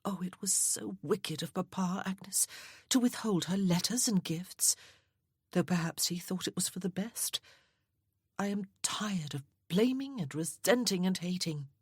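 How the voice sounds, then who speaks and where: A woman reading as a reserved, tender mature woman who speaks hesitantly and softly, slightly husky. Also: fairly low pitch, a little slow, no echo, clean studio sound. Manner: hesitant, soft.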